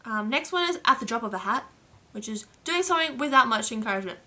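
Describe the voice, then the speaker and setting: Bright-voiced Australian woman vlogger. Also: a little high, lively intonation, fast talker. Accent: South Australian. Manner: chatty, playful, laughs at the entries. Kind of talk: casual vlog reading a slang list.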